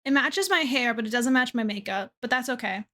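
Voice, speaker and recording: A woman's voice: a little high, animated, brisk, bright, forceful tone. A young woman streamer chatting casually to her chat from a dim room at her desk, self-deprecating and trailing off with fillers.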